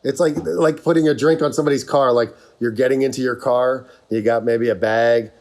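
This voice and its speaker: A man's voice: medium pitch, steady tone, a little fast, darkish tone. American man, podcast co-host, casual rambling chat, jokey.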